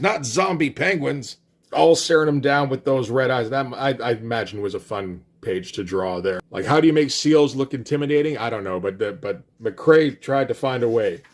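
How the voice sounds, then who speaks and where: A man casually recapping a comic book issue, retelling scenes and quoting the characters in a loose, conversational way. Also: fairly high pitch.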